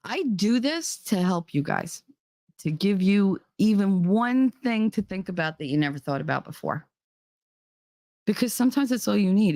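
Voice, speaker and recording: A woman's voice: medium pitch, darkish tone, no room sound, studio quality. A woman with a New Jersey accent giving a blunt, profane, fiery rant to her viewers. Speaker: vlogger. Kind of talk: ranting monologue.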